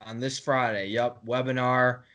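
A man's voice: medium pitch, little pitch movement, normal speed, fairly bright tone. Easygoing man, podcast guest. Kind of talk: casual podcast chat.

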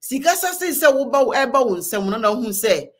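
A woman's voice: fairly high pitch, big pitch swings, fairly quick. A woman with a Ghanaian accent hosting a live online show, giving emphatic political commentary, switching between Twi and English and repeating words for force. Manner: mixes Twi and English, greets viewers by name.

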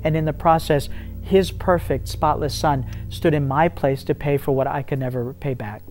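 A man's voice: on the high side, fairly even intonation, normal speed, darkish tone, soft background music. A man in a faith interview, telling a story earnestly and acting out the dialogue with rising intensity. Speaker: ministry guest telling a testimony.

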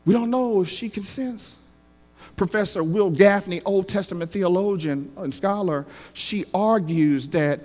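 A man preaching a sermon as pastor, emphatic and calling for responses, with shouted peaks. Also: high-pitched, unhurried, big-room sound.

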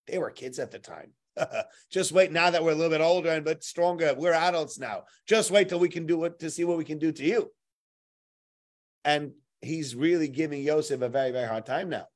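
A man's voice: fairly high pitch, brisk. A man gives a casual Torah lesson, telling stories with humor and acting out bits of dialogue. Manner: animated, humorous, acts out dialogue. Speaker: Torah teacher.

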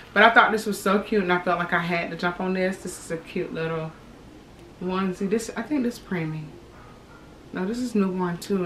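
A pregnant woman in her thirties vlogs in a lowish, slightly bright voice, chatting casually and a bit out of breath while calling her viewers "y'all." The sound is from a distant camera mic in an echoey home room, with slight background noise.

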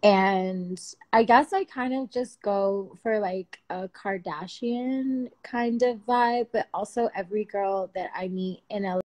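Slangy, animated woman on a phone livestream. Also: mid-range voice, unhurried, few pauses, rough recording. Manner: slangy and profane, animated and laughing. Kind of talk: casual livestream chat.

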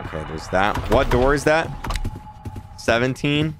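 A man's voice: mid-range voice, big pitch swings, unhurried, background noise. Young Australian man streaming a game. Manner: chatty, reads out chat messages. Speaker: gaming streamer. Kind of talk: casual gaming stream chat. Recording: game music under the voice.

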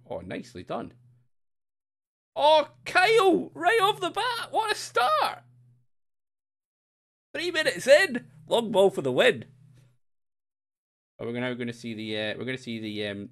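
A man streaming himself playing a football management game, chatting along in a gravelly voice. His pitch swings widely as he jumps from rambling self-mockery to excited yelps. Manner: chatty and self-mocking, with sudden excited outbursts. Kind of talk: live-streamed gameplay commentary.

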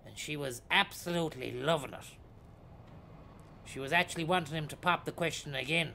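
A man's voice: a little high, a little fast, creaky, sharp tone, slight background noise. An Irish man streaming a bus-driving game, chatting with passengers in a teasing way and repeating catchphrases. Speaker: streamer playing a bus driver. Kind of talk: comedic live-stream banter.

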